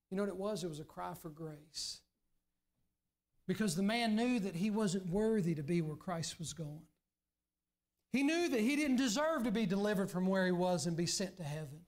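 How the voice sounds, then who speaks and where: A man preaching a sermon as pastor in a church, earnest, now and then dropping to a hushed, pleading voice. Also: high-pitched, lively intonation, moderate pace. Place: church sanctuary.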